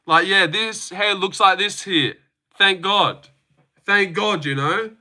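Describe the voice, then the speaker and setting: A man's voice: high-pitched, slow, pushed and bright. A young man hosting a casual live stream from his phone, joking, swearing now and then and answering chat comments.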